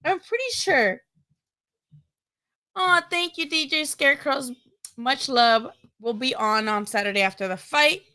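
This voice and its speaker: Chatty high-voiced woman hosting a live stream. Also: unhurried, pauses often, bright, forceful tone. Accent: Chicano English. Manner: chatty, laughing, says "dude" a lot. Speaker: host of a boxing live stream. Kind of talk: casual live-stream chat.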